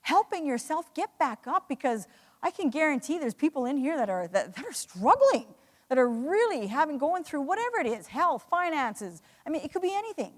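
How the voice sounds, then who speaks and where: Woman telling her story to a crowd, kinda high voice, lots of restarts, big echoey hall. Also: big pitch swings, fairly quick. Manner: earnest, emotional storytelling with frequent restarts. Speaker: speaker. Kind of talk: motivational talk to a live audience.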